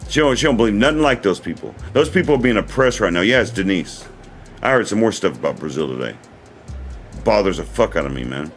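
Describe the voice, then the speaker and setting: Man, very deep voice, earnest, rambling livestream host, repeats himself, faint music behind. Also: animated, fast. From United States. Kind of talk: casual livestream talk.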